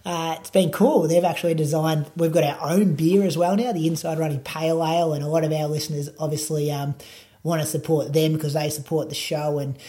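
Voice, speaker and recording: A man's voice: on the high side, fairly even intonation, a little fast, dark tone. A man with an Australian accent, a running podcast producer and coach, chatting casually in an interview with lots of fillers. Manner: laid-back, rambling, lots of fillers.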